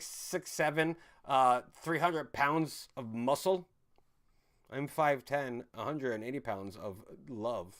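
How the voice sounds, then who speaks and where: A man hosting a live stream, ranting angrily and profanely while reading the chat, swinging from loud outbursts to low muttering. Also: expressive, moderate pace. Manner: angry, swearing, swings from shouting to muttering.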